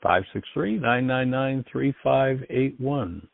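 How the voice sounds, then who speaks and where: A man's voice: medium pitch, takes it slowly, vocal fry, dry recording. A man hosting a call-in radio show, talking in an earnest, encouraging and reflective way. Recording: dry, tinny phone-like line.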